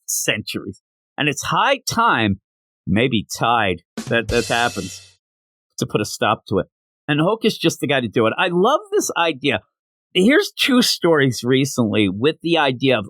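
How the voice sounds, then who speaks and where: A man's voice: fairly high pitch, sing-song, unhurried, bright, forceful tone, dry recording. A man reviewing comics in a casual solo show, ranting and sarcastic, tired from not sleeping.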